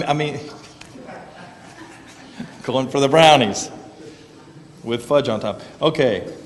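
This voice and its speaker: A man's voice: mid-range voice, in a large hall, a little hiss or hum. A man preaching a casual sermon in a church sanctuary, telling folksy stories with joking asides. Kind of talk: conversational sermon.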